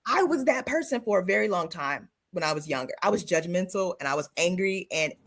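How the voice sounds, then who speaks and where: A woman's voice: on the low side, expressive, a little fast. A woman in her thirties chatting casually as a comedian guest. She tells stories with animation, acting out her children's lines. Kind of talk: casual panel chat.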